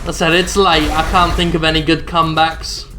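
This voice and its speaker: A man's voice: fairly high pitch, little pitch movement, normal speed, noisy background. A man giving sarcastic, jokey commentary while playing a shooter game. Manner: jokey, mocking, exclaiming at the game. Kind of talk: sarcastic let's-play commentary.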